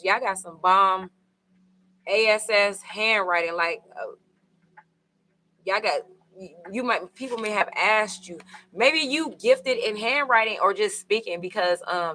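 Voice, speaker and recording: A woman's voice: mid-range voice, moderate pace, bright, forceful tone, a little hiss or hum, rough recording. A woman with giving a casual, rambling tarot reading, full of fillers and asides to her viewers. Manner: rambling, conversational, with many fillers. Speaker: tarot reader.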